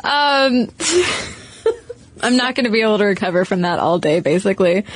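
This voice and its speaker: A woman's voice: mid-range voice, animated, moderate pace, dry recording. Wry woman podcast host, dry close sound. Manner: wry, teasing asides. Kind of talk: casual conversational history chat.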